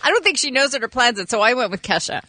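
A woman co-hosting a radio show, quick and laughing as she makes her picks in a guessing game. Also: a little high, big pitch swings, bright, forceful tone. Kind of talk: casual game banter.

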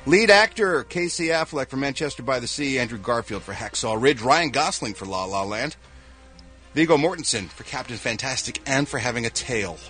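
A man's voice: medium pitch, lively intonation, moderate pace, a bit bright, faint music behind. A man hosting a radio show, joking his way through entertainment news in casual chat. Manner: wisecracking, reading news items.

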